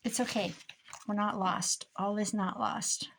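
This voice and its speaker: A woman's voice: mid-range voice, fairly even intonation, measured pace, a bit bright, slight background noise. Chatty middle-aged woman crafting at her desk. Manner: rambling, self-talking, chatty with asides to herself. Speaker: crafting YouTuber. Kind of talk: casual crafting chat while working.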